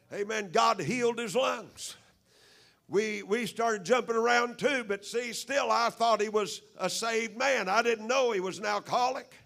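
High gravelly fervent preacher man. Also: fairly bright tone. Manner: fervent, punctuated with frequent amens. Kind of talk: sermon. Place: church service.

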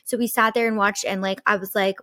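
A woman's voice: mid-range voice, little pitch movement, brisk, pushed and bright, no room sound. A young woman recounts a spooky childhood memory in a loose, chatty way, peppered with fillers and the odd swear word. Her voice sits in an ordinary middle range and sounds close and dry, with no room around it. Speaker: guest telling a ghost story. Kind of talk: casual storytelling.

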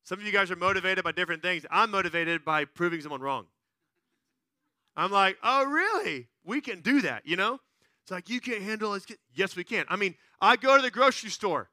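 Animated high-voiced male preacher. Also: fairly quick, no echo, clean studio sound. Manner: animated, jumps between loud excited bursts and quiet earnest stretches; acts out quoted people in playful voices. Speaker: pastor. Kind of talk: sermon.

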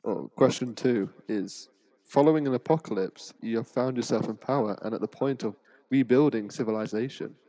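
A man's voice: mid-range voice, moderate pace, warm tone, no echo, low-quality recording. Wry laughing man. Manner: laughs a lot, brief wry interjections. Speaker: podcast co-host. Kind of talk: casual chat.

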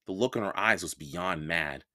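A man's voice: sits low, moderate pace, bright, forceful tone, no echo, studio quality. A man reading a first-person novel aloud as an audiobook, telling the story with expression. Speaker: audiobook reader.

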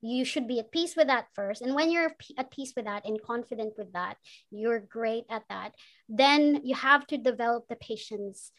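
A woman's voice: a little high, normal speed, a bit bright. A woman from the Philippines, speaking as a podcast guest in a candid, profane way and laughing often. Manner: frank and profane, laughs often, switches between English and Tagalog. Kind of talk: candid conversational interview.

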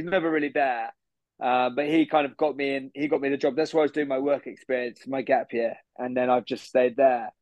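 A man's voice: mid-range voice, a little mellow, no room sound, lo-fi sound, natural voice. A man playing a pompous young bro who boasts and rambles, in an improvised comedy podcast. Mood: boastful. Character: smug posh young City bro, boastful gym fanatic. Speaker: podcast guest.

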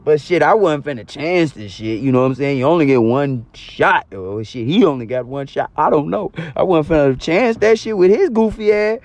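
A young man telling a personal story straight to camera, heavy on slang and swearing. His voice sits slightly high, and he talks in a loose, animated way. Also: normal speed, few pauses, dry recording. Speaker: storyteller vlogger. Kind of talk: casual spoken storytelling.

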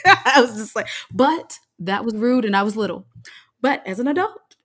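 A woman in casual chat, brash and animated, often breaking into laughter. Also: fairly high pitch, a little slow, breathy edge.

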